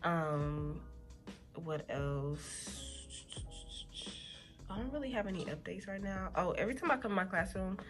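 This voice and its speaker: A woman's voice: on the low side, expressive, a little slow, long pauses, over music. A young woman, rambling in a laid-back way as she vlogs from her classroom. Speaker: vlogger and teacher. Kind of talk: casual chat.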